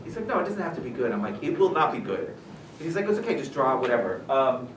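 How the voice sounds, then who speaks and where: Animated man telling stories, echoey room. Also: mid-range voice, quick pace. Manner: animated, self-deprecating, many fillers. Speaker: visiting author. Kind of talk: casual storytelling talk to students. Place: school room. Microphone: far room mic. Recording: echoey room from far off, noisy.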